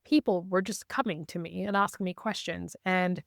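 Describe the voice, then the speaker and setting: A woman guest in a casual interview, telling stories in a lively way and acting out what people said. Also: on the low side, moderate pace, gravelly, dry recording, studio quality. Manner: lively, acts out quoted dialogue. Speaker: podcast guest, intuitive reader.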